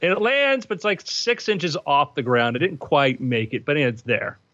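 Guy running a tabletop game, bright voice all over the place, kinda dull lo-fi sound. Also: a little high, moderate pace. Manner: playful, animated scene-setting. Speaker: game master.

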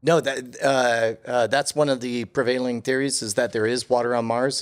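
A man's voice: medium pitch, little pitch movement, moderate pace, clean tone. A man co-hosting a podcast, joking in casual chat with hesitant restarts. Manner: jokey, laughs easily, hesitant restarts. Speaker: podcast co-host.

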